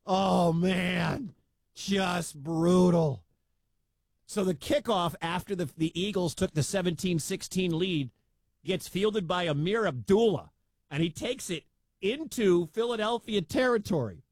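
High-voiced man calling football on radio. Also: normal speed, no echo. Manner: emphatic, rising to loud shouts at big plays. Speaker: radio sports show host. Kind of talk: excited live radio sports commentary.

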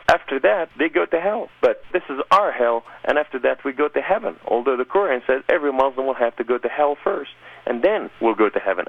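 A man's voice: medium pitch, gravelly, breathy edge. A man telling his personal testimony in an earnest, rising way, heard over tinny phone-line radio audio. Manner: earnest storyteller, rising intensity.

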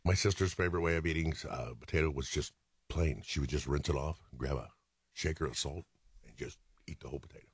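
Deep, husky, fast-talking radio host. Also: male voice, dry recording, studio quality. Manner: rambling, loose, laughs often. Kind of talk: casual studio chat.

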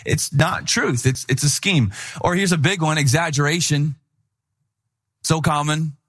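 A middle-aged man preaching in a lively, chatty way, voice pitched slightly higher than most men's. He slips into playful impressions of people as he goes. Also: measured pace. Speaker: pastor. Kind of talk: sermon.

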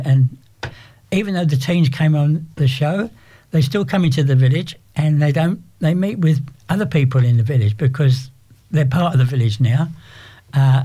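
An older English man talking as an interview guest, rambling and halting with frequent restarts. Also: mid-range voice, dark tone. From England. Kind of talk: casual interview.

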